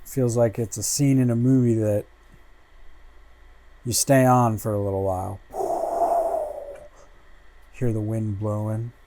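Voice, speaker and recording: A man hosting a casual livestream, flipping through a comic book and muttering relaxed asides, swearing freely as he goes. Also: fairly low pitch, a little slow, long pauses, a little hiss or hum.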